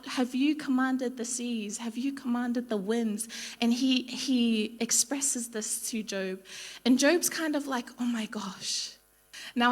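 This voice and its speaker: Chatty young woman giving a Bible talk. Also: on the high side. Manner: chatty, lots of ums and likes, acts out quotes. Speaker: youth speaker at church. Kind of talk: informal Bible study talk with slides.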